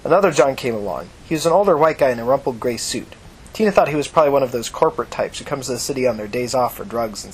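A man narrating an audiobook in a steady, measured reading. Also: medium pitch, breathy edge.

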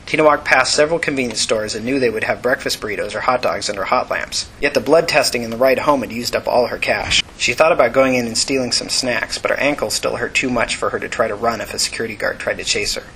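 A male narrator gives a steady, even audiobook reading in a mid-pitched voice. His delivery is plain and controlled, and a faint hiss sits under the recording. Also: quick pace, hardly any pauses, low-quality recording.

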